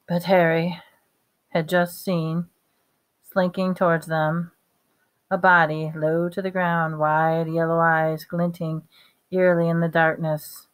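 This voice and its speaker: A woman reading a novel aloud at a steady pace, with small slips and restarts. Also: sits low, slow. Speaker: reader.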